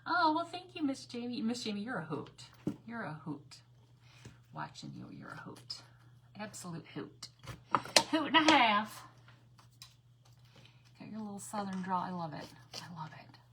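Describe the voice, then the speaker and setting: A woman's voice: medium pitch, very animated, a little slow, long pauses, fairly bright tone, slight background noise. A woman chatting casually while crafting on a livestream, rambling, repeating herself and reading out viewer comments as she works. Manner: frequent self-corrections and repeated phrases.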